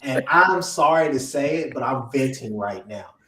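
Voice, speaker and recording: A man's voice: mid-range voice, moderate pace. Distraught man venting, distant roomy sound. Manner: animated venting, swings from hushed to yelling. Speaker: fan show co-host. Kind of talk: emotional sports fan rant.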